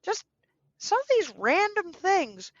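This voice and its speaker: A woman guest in a podcast interview, speaking earnestly and gently giving advice, now and then acting out what people might say. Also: very high voice, sing-song, takes it slowly, no echo, lo-fi sound. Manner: earnest, gently advising, acts out quoted speech. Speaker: guest, dog trainer.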